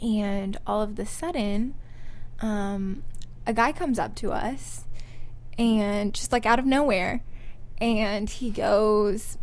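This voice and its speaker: A woman's voice: medium pitch, slow, a little mellow. Giggly young woman telling a story. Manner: giggly, chatty, lots of filler words. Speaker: podcast co-host. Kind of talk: casual storytelling chat.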